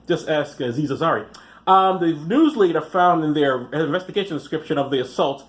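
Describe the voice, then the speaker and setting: A man hosting a podcast, reading news articles aloud and breaking in with sarcastic, profane asides. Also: a little high. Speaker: podcast host. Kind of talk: casual commentary reading news.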